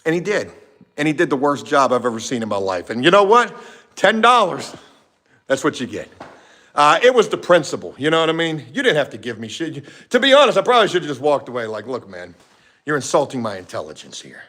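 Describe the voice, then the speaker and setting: A man vlogging about his painting job, telling a story in a casual, profane, animated way, going from shouts down to mutters. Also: on the high side, a little fast. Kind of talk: casual storytelling to a live chat.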